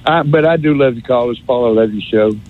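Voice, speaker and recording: A man's voice: medium pitch, a little fast. A man calling into a radio show, rambling and sarcastic, stammering over repeated words on a phone line. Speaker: radio call-in caller. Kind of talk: rambling call-in rant. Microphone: telephone.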